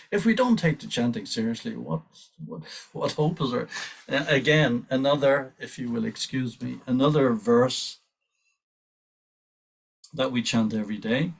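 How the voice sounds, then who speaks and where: A man leading a devotional scripture class, speaking earnestly and urgently, often restarting his sentences and laughing softly. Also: mid-range voice, a little slow, gravelly, long pauses, husky, recorded from a distance. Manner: earnest, urging, with frequent restarts and small laughs. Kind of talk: reflective scripture class talk.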